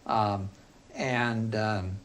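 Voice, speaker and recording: A man teaching a philosophy class, talking loosely and thinking aloud with frequent pauses and fillers. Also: lowish voice, steady tone, a bit bright. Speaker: philosophy instructor. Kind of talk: classroom lecture.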